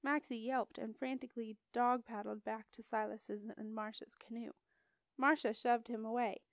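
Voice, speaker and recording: A woman reading a children's audiobook in an even, clear storytelling manner. Her voice sits a little high. The recording is dry and close, with no room sound. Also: normal speed, no echo. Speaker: audiobook reader. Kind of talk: audiobook narration.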